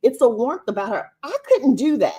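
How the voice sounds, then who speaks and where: A woman co-hosting a casual livestream chat over a video call, chatty and animated. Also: a little high, a little fast, slightly rough. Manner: animated, chatty, laughs often. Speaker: co-host and co-author.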